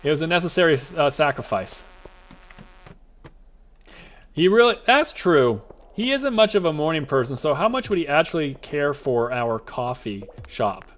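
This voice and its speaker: Male streamer, fairly high voice, jokey and rambling live gameplay commentary. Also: big pitch swings, normal speed. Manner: rambling, jokey, self-talking asides. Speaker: VTuber streamer.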